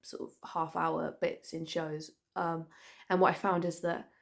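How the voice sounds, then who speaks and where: A woman's voice: sits low, flat delivery, unhurried, creaky. A young Scottish woman with a light Edinburgh accent, sounding almost English, chatting casually through viewer questions with many fillers and restarts. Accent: light Edinburgh Scottish, close to English. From Scotland. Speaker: comedian answering viewer questions. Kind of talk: casual Q&A chat.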